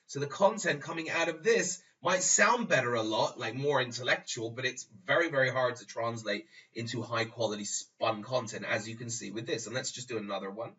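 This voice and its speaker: A man's voice: on the high side, expressive, normal speed, bright, forceful tone. A man talking casually through a screen-recorded tutorial, rambling and restarting his phrases as he explains. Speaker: tutorial host. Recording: dull lo-fi sound, distant from the mic.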